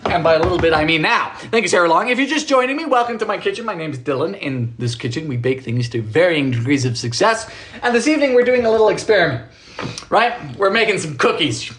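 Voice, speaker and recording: Guy doing a kitchen livestream, super animated voice jumping up and down, chatty and jokey, reading out comments. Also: high-pitched, fast. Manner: chatty, reads viewer comments aloud, jokey asides. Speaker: home baker livestreaming. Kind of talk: casual live-stream chat. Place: home kitchen.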